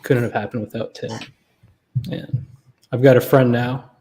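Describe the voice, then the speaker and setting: A man's voice: medium pitch, fairly even intonation, moderate pace, warm tone, slight background noise. A man, a guest on a livestream, telling a casual story and acting out other people's lines as he goes.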